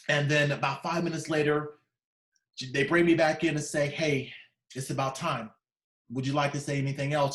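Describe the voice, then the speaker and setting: A man giving an emotional motivational keynote, telling a personal story and quoting others, his voice dropping soft in tender moments. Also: fairly high pitch, roomy sound. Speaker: keynote speaker. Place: conference video call.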